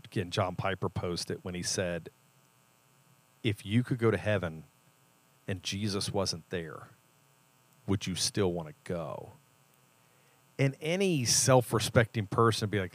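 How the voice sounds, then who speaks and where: A man's voice: fairly low pitch, expressive, measured pace, long pauses, no echo. A man from a church, talking earnestly and reflectively about faith in a casual conversation. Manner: earnest, reflective, builds to emphatic points. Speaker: church leader and podcast co-host.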